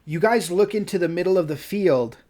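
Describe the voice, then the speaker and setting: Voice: mid-range voice, animated, brisk, a little mellow. Chatty game master with lots of ums. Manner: casual, many fillers and restarts, laughs often. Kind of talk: narrating a tabletop game.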